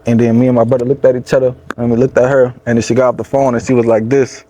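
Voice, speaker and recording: A young man with a Louisiana accent tells his story in a casual sit-down interview. His voice is mellow and relaxed, and his talk is loose and rambling. A faint hiss of background noise sits under the recording. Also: mid-range voice, fast talker. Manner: loose, rambling, lots of "you know what I'm saying". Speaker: rapper being interviewed.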